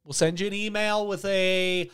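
A man's voice: high voice, little pitch movement, moderate pace, fairly bright tone, clear, resonant tone. A young man hosting a casual podcast, rambling through stories with a lot of swearing and a mock-official tone. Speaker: podcast host. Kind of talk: casual chat.

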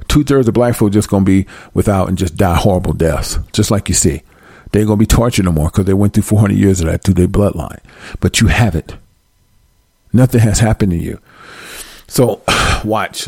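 A man preaching and reading scripture slowly and deliberately, breaking into mocking asides. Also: lowish voice, a little mellow, breathy edge, dry recording.

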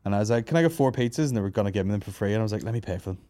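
A man's voice: lowish voice, animated, rapid-fire, warm tone, dry recording. A man hosting a comedy podcast, telling rambling, sweary stories and laughing at his own jokes. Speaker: podcast host. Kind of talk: casual comedy podcast banter.

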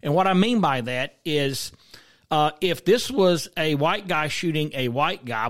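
Opinionated man, higher-pitched. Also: animated, measured pace. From South Carolina. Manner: conversational, asks listeners questions, storytelling asides. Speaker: podcast host. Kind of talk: opinionated commentary.

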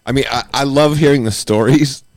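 A man's voice: medium pitch, brisk, dry recording. A man co-hosting a podcast, chatting casually in a blunt, crude way and laughing along. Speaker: podcast co-host. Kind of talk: casual chat.

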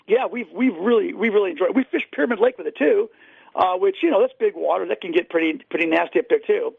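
A man's voice: high-pitched, quick pace, creaky, husky, dry recording. A man telling fishing stories with enthusiasm, with many fillers, as a guest on a radio show. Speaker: fishing guide and boat seller. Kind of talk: casual radio interview. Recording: dry, tinny phone line.

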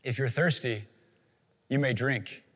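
A man voicing a stern male lion who speaks in a deep, slow, grave way, in a large reverberant hall. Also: a bit bright. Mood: stern, calm. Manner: terse and grave.

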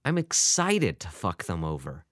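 A man's voice: deep voice, huge pitch swings, measured pace, fairly bright tone, dry recording, clean studio sound, heavily acted. A man reading a story voices a tired middle-aged father in a wry, worn tone. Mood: uneasy.

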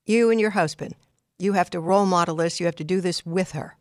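A woman's voice: on the low side, fairly quick, no echo. Blunt older woman radio host, dry studio sound. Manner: blunt, directive, lists numbered instructions. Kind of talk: call-in advice show.

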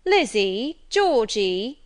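A woman voicing a loud, taunting bullying boy of fourteen in an audiobook reading. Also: high voice, sing-song, a little slow, voice pushed up, heavily acted. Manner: shouting, taunting.

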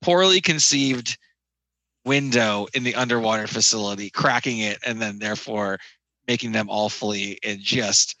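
A man's voice: lowish voice, moderate pace, pushed and bright, no room sound, low-quality recording. A man co-hosting a casual movie podcast, recapping scenes with wry, dry asides. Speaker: podcast co-host.

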